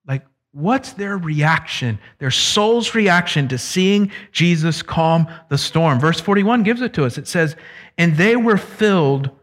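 A male preacher giving a conversational, emphatic sermon that explains scripture and slips into quick acted voices. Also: on the high side, expressive, a bit bright.

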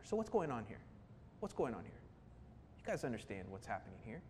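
A man's voice: very animated, normal speed, pauses often, darkish tone. A male pastor preaching a sermon earnestly, building emphasis through repetition and rhetorical questions. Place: church sanctuary. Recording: reverberant hall with faint rumble.

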